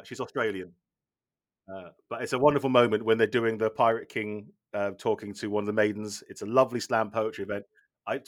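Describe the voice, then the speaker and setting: A man in a comic podcast, playing a film director guest, rambling and deadpan and stumbling over his words. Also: lowish voice. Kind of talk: comic chat in character.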